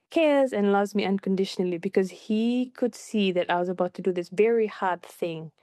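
A woman guest in an interview, telling her own story in a casual, animated way and jumping up in pitch when she quotes people. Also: no room sound. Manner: animated, acts out quoted voices with high pitch jumps.

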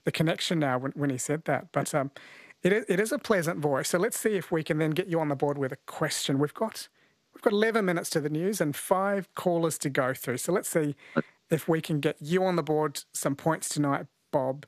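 A man's voice: fairly high pitch, fairly quick, no echo. A man hosting a radio call-in quiz, chatting in a friendly way with callers. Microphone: studio mic.

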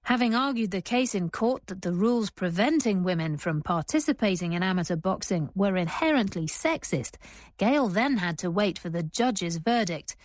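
A woman presenting and narrating a radio documentary and interviewing its guest, with a measured, composed delivery. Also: medium pitch, lively intonation, dry recording.

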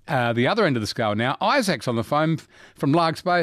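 An Australian man hosting a talkback radio quiz, chatty and quick to cheer callers on with sudden bursts of excitement. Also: no room sound, studio quality. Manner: chatty, jumps to high excited pitch when cheering callers. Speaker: radio host. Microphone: studio microphone.

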